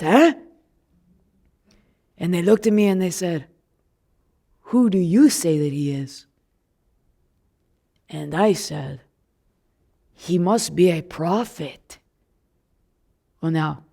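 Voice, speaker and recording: A woman performing a first-person Bible monologue as a man born blind, telling his story in an animated, conversational way with asides to the listener. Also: on the low side, takes it slowly, vocal fry, pauses often. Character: man born blind, newly sighted, earnest and indignant.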